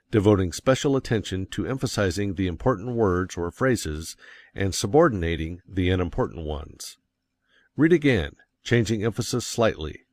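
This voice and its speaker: Low-voiced man reading an audiobook. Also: darkish tone, no room sound. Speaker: audiobook reader. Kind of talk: scripted audiobook narration.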